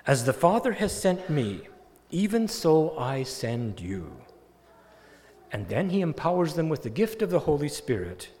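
Male pastor, slightly high voice, animated sermon delivery, reverberant sanctuary. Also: measured pace. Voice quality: animated, building to loud emphatic peaks. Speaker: preacher. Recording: long hall reverb.

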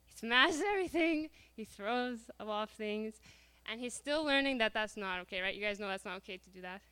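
A woman telling a lively personal story to a church congregation, laughing often as she goes. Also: medium pitch, fairly quick, clean tone. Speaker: church speaker.

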